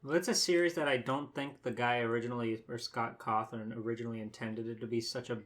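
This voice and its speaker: Bright-voiced joking podcast host, a man. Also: mid-range voice, steady tone, fast talker. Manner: playful, joking, laughs a lot. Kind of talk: casual podcast chat.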